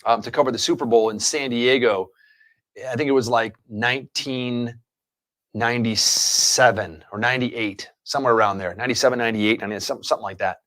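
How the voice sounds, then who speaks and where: A man hosting a casual live-stream chat who talks at a brisk clip. He wanders through long anecdotes, circling back and piling on asides. His voice sits at an ordinary middle pitch. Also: steady tone, a bit bright. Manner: rambling anecdotal storyteller. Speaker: livestream show host.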